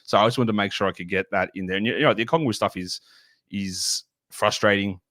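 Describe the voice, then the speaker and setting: A man with a somewhat low voice, guesting on a casual podcast. He analyses fantasy basketball picks in loose, winding sentences full of restarts and "like". His voice sounds dry and close. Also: a little fast, a bit bright, no room sound. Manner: rambling, self-correcting, lots of "like".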